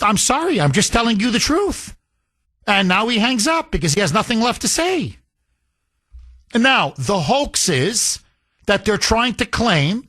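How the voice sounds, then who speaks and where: A talk radio host, a man, rants with scorn and hammering repetition. His voice sits a bit high and swings widely in pitch. The studio sound is dry and close. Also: sharp tone, dry recording. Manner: heated, scornful, emphatic repetition. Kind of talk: combative talk radio monologue.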